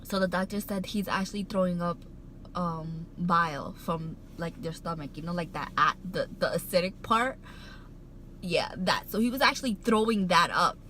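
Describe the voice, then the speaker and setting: A woman's voice: fairly low pitch, moderate pace, bright, forceful tone, a little hiss or hum, poor audio. A woman vlogger telling a heartfelt personal story, rambling with many fillers and restarts, emotional and choked up at times. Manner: emotional, getting choked up while recounting.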